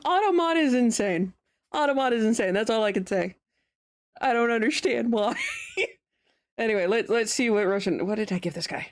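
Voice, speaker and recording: A woman's voice: a little high, expressive, moderate pace, pauses often. A young woman streaming a game, chatting casually and laughing often as she comments on the story. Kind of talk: casual let's-play commentary.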